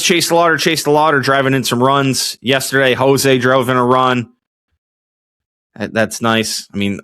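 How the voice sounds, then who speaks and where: A man's voice: mid-range voice, bright, forceful tone. A man hosting a podcast, telling stories casually and rambling with many restarts. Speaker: podcast host. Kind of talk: casual storytelling.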